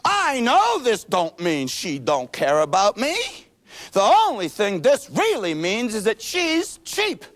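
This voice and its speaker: A man voicing a calm two-year-old boy who speaks slowly and matter-of-factly. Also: sits high, pitched above the performer's own voice, exaggerated voice.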